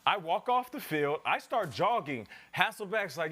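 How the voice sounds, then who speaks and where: A man in his thirties, a former pro football player co-hosting a sports show, telling a story in a lively way and acting out other people's lines. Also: normal speed, hardly any pauses. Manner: lively storyteller, acts out quotes in a higher heckler voice. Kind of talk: animated storytelling chat.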